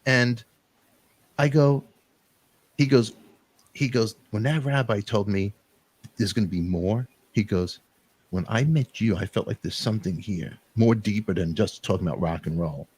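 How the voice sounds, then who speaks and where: A middle-aged man hosting a talk show, rambling through animated, emotional storytelling and quoting friends. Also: lowish voice, unhurried, pauses often, slightly rough. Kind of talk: emotional casual chat.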